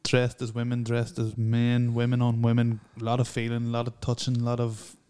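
A man's voice: mid-range voice, monotone, fairly quick, mellow, clean tone. A young man, co-hosting a casual chat in a blunt, teasing and sweary way. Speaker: podcast co-host. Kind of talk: casual banter.

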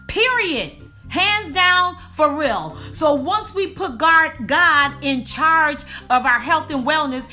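A woman's voice: high voice, pushed and bright. A woman giving a preaching-style wellness talk, calling her listeners y'all and repeating lines for emphasis. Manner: repeats lines for emphasis, slow drawn-out punch words. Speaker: faith and wellness speaker.

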